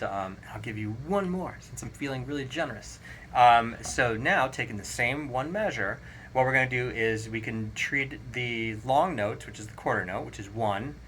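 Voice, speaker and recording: A man teaching a drum lesson, counting rhythms aloud in a relaxed, explanatory way. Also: medium pitch, unhurried, a little hiss or hum. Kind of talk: casual spoken drum lesson. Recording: drums playing clearly behind the voice. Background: drum kit playing.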